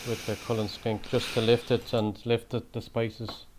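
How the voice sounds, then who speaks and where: A man talks about food in easy, rambling conversation, stumbling over his words and circling back as he explains. His voice stays flat, with little rise and fall. Faint noise sits under the recording. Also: on the low side, moderate pace. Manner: restarts often, explains dishes fondly. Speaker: chef guest. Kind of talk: casual chat about cooking.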